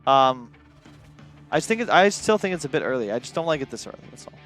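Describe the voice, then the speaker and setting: A man's voice: medium pitch, sing-song, quick pace, fairly bright tone, soft background music. A man on an esports panel, giving casual, opinionated draft analysis. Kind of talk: panel discussion.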